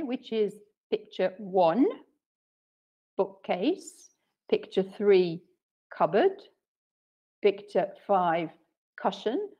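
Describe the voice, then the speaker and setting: A woman training English teachers in an online session, explaining patiently and clearly with frequent "okay"s. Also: medium pitch, muffled recording. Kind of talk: webinar teaching talk.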